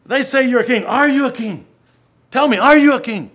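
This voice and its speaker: A man's voice: very high voice, fairly quick, a bit bright, slightly rough, pitched above the performer's own voice, exaggerated voice. A man voicing a frustrated Roman governor who presses a prisoner with demands. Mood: exasperated. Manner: exasperated, pressing.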